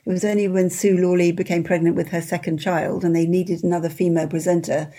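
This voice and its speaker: Husky, mellow-voiced woman in her seventies. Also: fairly low pitch, little pitch movement. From England. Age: 70s. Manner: soft-spoken, measured and self-deprecating. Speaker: interview guest. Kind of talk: conversational interview.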